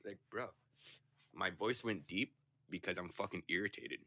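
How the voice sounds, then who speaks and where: Low, bright-toned young man rambling. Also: normal speed. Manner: rambling, profane storytelling. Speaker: streamer. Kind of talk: casual chat.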